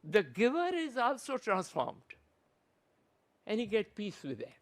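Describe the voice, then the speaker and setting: A man gives an earnest conference presentation at an unhurried pace. His voice sits high and swings widely in pitch. He stops and restarts his phrases often. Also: huge pitch swings. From Pakistan. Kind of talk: conference talk.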